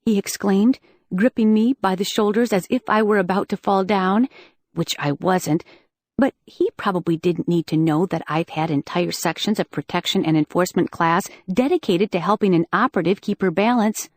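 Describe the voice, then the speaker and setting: A woman reading a first-person audiobook in a lively, wry storytelling manner, on a close studio mic. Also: mid-range voice, moderate pace, dry recording. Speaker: audiobook narrator.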